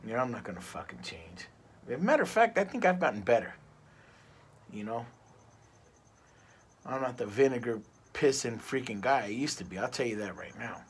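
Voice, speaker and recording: A man's voice: medium pitch, expressive, moderate pace, pauses often, slightly rough. A middle-aged man reviewing a cigar in a casual vlog, rambling and ranting with plenty of profanity.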